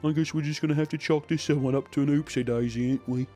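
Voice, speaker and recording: A man's voice: on the high side, steady tone, quick pace, warm tone, faint music behind, natural voice. A man putting on a mock British accent as a smug official shrugging off blame. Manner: smug, mocking, sing-song.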